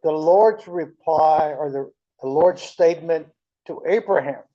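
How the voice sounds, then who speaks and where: A man's voice: fairly high pitch, measured pace, mellow, muffled recording. A man in a Bible class asking the teacher questions, hesitant and searching for his wording. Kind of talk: question from the floor.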